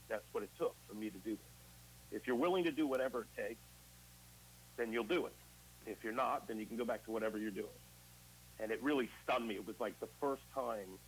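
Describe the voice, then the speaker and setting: A man's voice: mid-range voice, a little hiss or hum, poor audio. A candid man telling his story. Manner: candid and conversational, acting out past exchanges in quoted dialogue. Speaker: interview guest sharing his recovery story. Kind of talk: casual personal storytelling.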